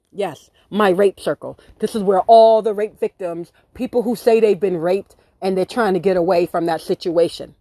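A woman hosting a podcast, telling a story in a blunt, profane, animated way with acted-out quotes. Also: medium pitch, normal speed, hardly any pauses, no room sound, clean studio sound. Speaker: podcast host. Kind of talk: casual storytelling monologue.

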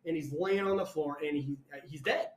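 Young guy cussing through a story, kinda high voice, echoey room. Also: moderate pace. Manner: profane, animated, acts out quotes loudly. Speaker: storyteller guest. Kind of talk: casual storytelling chat.

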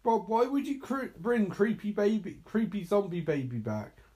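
A man talks over a horror movie as he watches, mocking its dialogue with exasperated sarcasm and frequent swearing. His voice sits a little high and is very lively, leaping up and down in pitch. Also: normal speed. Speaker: movie commentator. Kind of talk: live movie reaction commentary.

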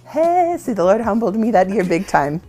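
Sing-song and warm at medium pitch, a woman worship leader speaks at a moderate pace over soft background music. She shares self-deprecating anecdotes in a casual interview conversation, frequently laughing.

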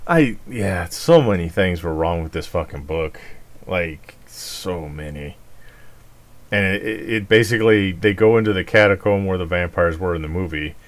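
A man's voice: low-pitched, lively intonation, moderate pace. A man hosting a podcast, chatting casually and ranting with lots of swearing and mocking outbursts. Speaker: podcast host. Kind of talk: casual chat.

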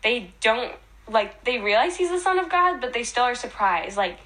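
Bright-voiced young woman, eager storyteller. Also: on the high side, big pitch swings, normal speed. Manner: enthusiastic, retells scenes with many fillers. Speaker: podcast co-host. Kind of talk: casual faith chat.

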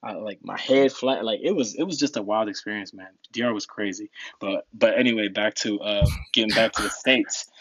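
A man's voice: lowish voice, fairly quick, few pauses, no room sound, highs cut off. Laid-back young man telling stories. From New Jersey. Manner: laid-back, laughs often, says "man" a lot. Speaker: podcast guest. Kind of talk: casual storytelling.

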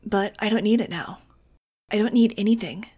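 A woman's voice: medium pitch, moderate pace, husky, close to an everyday voice. A woman voicing a dazed teenage boy who follows a cult, dreamy and earnest. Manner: dreamy, earnest, then shouting.

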